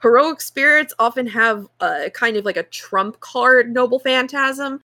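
A woman's voice: mid-range voice, sharp tone, dry recording. Woman podcaster, dry close sound. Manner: explains things patiently, hedges with "like" and "I mean". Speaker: podcast co-host. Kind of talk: casual chat, explaining lore.

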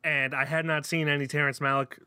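A man's voice: a little high, little pitch movement, brisk, bright, forceful tone, clean tone, dry recording, studio quality. A man co-hosting a movie podcast, talkative and opinionated in casual chat about films. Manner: talkative, opinionated film reviewing. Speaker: podcast co-host.

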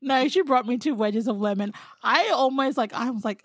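Giggly woman, fairly high voice. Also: expressive, a little fast, few pauses, dry recording, studio quality. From Australia. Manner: giggly, hesitant, lots of fillers. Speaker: podcast co-host. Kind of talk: casual chat.

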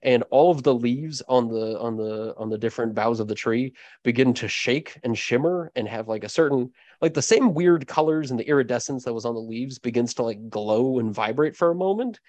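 A man's voice: medium pitch, brisk, few pauses, a little mellow, dry recording. A man narrating as game master of a tabletop game, casual and rambling with fillers. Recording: dull dry lo-fi mic.

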